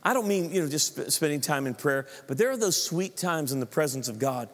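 A middle-aged man preaching a sermon as the pastor, lively, acting out his own inner voice and asking the congregation questions. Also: fairly high pitch, fairly quick. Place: large church auditorium. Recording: long reverb of a large church hall.

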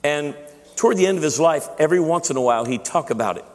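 A man's voice: a little high, lively intonation, fast talker. A man preaching a sermon as pastor, chatty and self-deprecating, often restarting his sentences. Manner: conversational, self-deprecating humor, frequent restarts. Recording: long echo of a large hall.

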